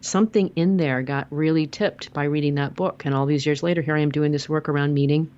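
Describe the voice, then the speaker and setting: Brief: earnest woman interview guest, deep voice, emphatic, dull lo-fi audio. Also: fairly even intonation, a little fast, a little mellow. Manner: earnest, emphatic, repeats words when starting a sentence. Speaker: podcast guest, author; radio show host and logotherapist. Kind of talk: casual interview chat.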